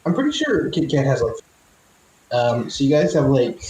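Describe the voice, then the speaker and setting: A man's voice: mid-range voice, big pitch swings, moderate pace, a little mellow. A man in casual speech, narrating a tabletop game as game master, loose and full of fillers. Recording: roomy echo.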